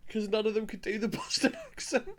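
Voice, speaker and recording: A man's voice: high voice, animated, brisk, a bit bright. A man co-hosting a podcast, recapping a show in casual chat and laughing often. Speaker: podcast co-host.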